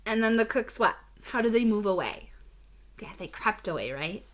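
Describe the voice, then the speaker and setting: A woman teacher wrapping up a read-aloud lesson, asking young children gentle questions and giving encouraging instructions. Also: medium pitch, animated, moderate pace.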